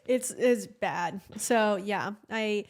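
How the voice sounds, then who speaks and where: A woman's voice: medium pitch, drawn-out words. A young woman from Argentina, native Spanish speaker, co-hosting a podcast and explaining things patiently. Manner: explains things patiently, thinks aloud with fillers. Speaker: podcast co-host. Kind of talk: casual chat.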